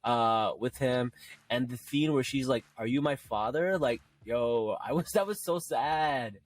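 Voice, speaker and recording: A man's voice: mid-range voice, measured pace, a little hiss or hum. Enthusiastic man chatting on a podcast. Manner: enthusiastic, many fillers like "like" and "you know". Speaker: podcast co-host. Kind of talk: casual chat.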